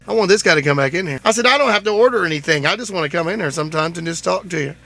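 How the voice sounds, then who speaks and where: Chatty high-voiced gravelly man. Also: animated, fast, hardly any pauses, bright, forceful tone, no echo. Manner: chatty, rambling, jokey retelling with many "I said". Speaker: podcast host. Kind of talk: casual storytelling monologue.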